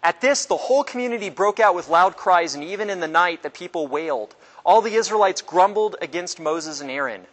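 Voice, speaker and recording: A man's voice: animated, a little fast, fairly bright tone. Man teaching a casual Bible class. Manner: conversational, asks the class questions, acts out quotes with pitch jumps.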